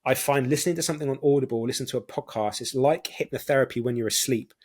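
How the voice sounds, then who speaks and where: British guy on a podcast, chatty, explains stuff with everyday examples, middle pitch. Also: quick pace, darkish tone, slightly rough. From United Kingdom. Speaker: podcast guest. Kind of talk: casual conversational interview.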